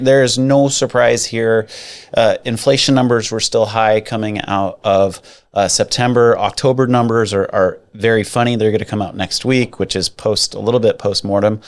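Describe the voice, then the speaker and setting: A man co-hosting a casual podcast about mortgages, talking in an animated way with jokey asides and emphatic repeats. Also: medium pitch. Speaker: podcast co-host, mortgage adviser. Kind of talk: casual chat.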